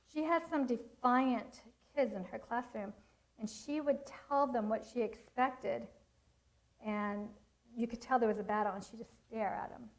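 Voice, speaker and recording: In a rough recording, a middle-aged woman who speaks on Christian child training gives a storytelling talk to a church audience. Her voice sits on the high side, and she laughs a lot while acting out people's words with animation.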